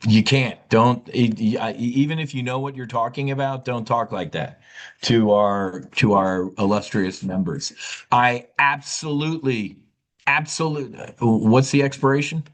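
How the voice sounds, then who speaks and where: A man hosting a live options trading webinar, animated and blunt, scolding and repeating himself as he talks through trades. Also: medium pitch, normal speed.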